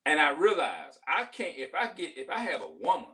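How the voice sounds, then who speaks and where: A man's voice: a little high, big pitch swings, fairly quick, bright, forceful tone, far from the mic, low-quality recording. A man in his forties talking passionately to camera in a casual vlog monologue, emphatic, often restarting his sentences. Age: 40s. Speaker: vlogger.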